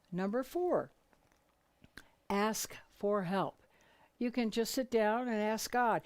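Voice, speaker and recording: Gentle older woman teaching. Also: medium pitch, expressive. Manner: gentle, unhurried, acts out quoted voices. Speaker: spiritual teacher. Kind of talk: relaxed talk with anecdotes.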